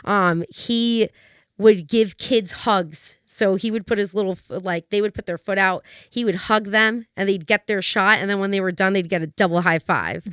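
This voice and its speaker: Lively young woman telling a story. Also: medium pitch, normal speed, clean tone, dry recording, studio quality. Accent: New England American. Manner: animated, laughing often, acts out quotes. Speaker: guest, dog trainer. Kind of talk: casual storytelling chat.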